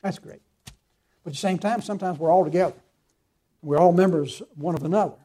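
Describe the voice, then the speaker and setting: Earnest preaching man, dark mellow voice. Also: high voice, a little fast. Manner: earnest, emphatic, quotes scripture. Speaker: pastor. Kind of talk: sermon.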